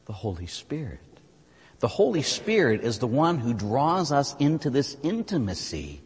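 A man with an American accent, a priest preaching a sermon, his voice swinging from high emphatic peaks to low, quiet asides. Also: normal speed, breathy edge. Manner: animated, rises high on emphatic phrases then drops low and quiet. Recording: long hall reverb.

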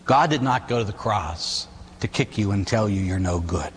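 A man who is a priest, giving an animated sermon and acting out quotes, often ending lines with "huh?". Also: on the low side, normal speed, slight background noise. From Pittsburgh area, USA. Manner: animated storytelling with acted quotes and "huh?" tags. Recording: long hall reverb.

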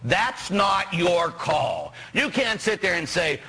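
A middle-aged man from Pittsburgh, a parish priest preaching a sermon, animated and joking as he quizzes his congregation. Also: sits high, slow pace, creaky, slightly rough. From Pittsburgh, USA.

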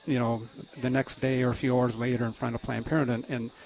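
Earnest gravelly-voiced man. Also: mid-range voice, level tone, darkish tone. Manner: halting, many restarts and ums, earnest. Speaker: guest. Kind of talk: casual testimony on a radio show.

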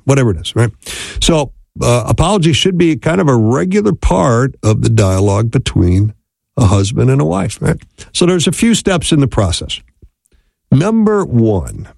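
A man giving a relaxed, conversational teaching talk on marriage, often checking in with "right?" and "okay?". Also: mid-range voice, vocal fry, no room sound. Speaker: speaker on marriage.

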